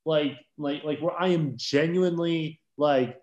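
A man co-hosting a podcast, rambling excitably with lots of fillers and casual swearing, over a remote call. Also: on the high side, unhurried, muffled recording. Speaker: podcast co-host. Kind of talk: casual film discussion.

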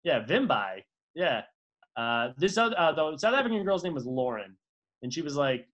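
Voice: moderate pace, dull audio. Podcast host rambling, lots of uhs and restarts, voice jumps all over the place. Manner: rambling, with many fillers and restarts; swoops from low to high when excited. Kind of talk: casual chat.

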